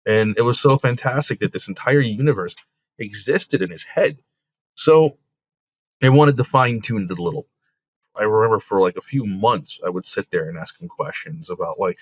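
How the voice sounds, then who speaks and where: A man, a comic book creator, telling stories casually in an interview, full of fillers and quick laughs. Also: lowish voice, no room sound. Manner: rambling, with many fillers like "like" and "you know". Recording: dull lo-fi dry recording.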